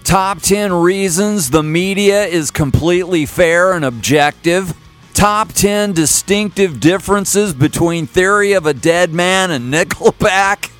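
A man hosting a rock music podcast, talking in a relaxed, wry way. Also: high-pitched, unhurried. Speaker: podcast host. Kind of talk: casual podcast talk.

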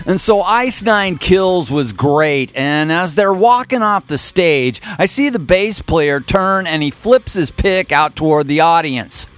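A man's voice: on the high side, expressive, measured pace, hardly any pauses, fairly bright tone, faint music behind. A man in his fifties from Kansas City telling a casual, wry and folksy story as a podcast host. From Kansas City area, USA. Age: 50s. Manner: folksy, wry and self-mocking.

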